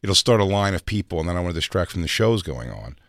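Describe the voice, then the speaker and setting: A man's voice: low-pitched, very animated, a bit bright, dry recording. A man co-hosting a podcast, telling rambling anecdotes in casual chat and quoting people as he goes. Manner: fast, rambling anecdotes with quoted voices. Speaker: podcast co-host.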